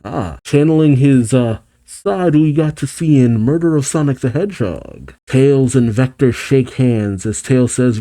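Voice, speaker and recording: A man casually reading a comic aloud and reacting to it, chatty and quick to laugh. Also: mid-range voice, warm tone. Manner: chatty, laughs often, narrates panels.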